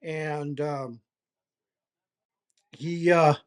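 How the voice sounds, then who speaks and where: A man telling his own story as an interview guest, animated and emphatic, with pauses and fillers. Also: fairly high pitch, clean tone. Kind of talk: first-person storytelling.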